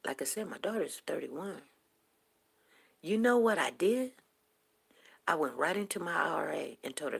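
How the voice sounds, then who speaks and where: A woman in her fifties hosts a casual morning talk show, drifting from story to story in a loose, chatty way. Her voice sits low and gravelly, with a husky edge. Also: expressive, normal speed, pauses often. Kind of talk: casual chat on a livestream.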